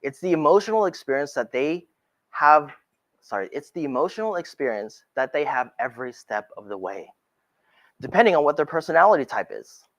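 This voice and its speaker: A middle-aged man, a realtor, giving a presentation to colleagues, animated and demonstrating different tones of voice as he talks. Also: fairly high pitch, a little fast.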